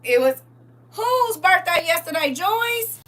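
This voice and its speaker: A woman hosting a live-streamed Bible study, preaching in a lively, playful way and answering viewers' comments. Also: very high-pitched, slow.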